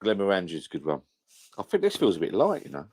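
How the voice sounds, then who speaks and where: A middle-aged man with a low, slightly mellow voice chats casually on a live stream, talking quickly with huge pitch swings. He rambles and corrects himself, sitting at home beside a whiskey shelf and recorded by a camera on a home setup.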